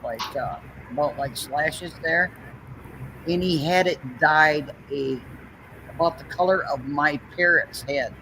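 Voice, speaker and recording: A man chatting casually, restarting his sentences often. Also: on the high side. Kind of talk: casual chat. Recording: faint background noise.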